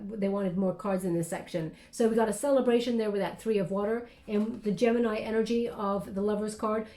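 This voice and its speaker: A woman giving a tarot reading, talking gently and hesitantly with many pauses and fillers. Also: a little high, reverberant. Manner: gentle, hesitant, many ums, thanks her spirit guides. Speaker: tarot reader.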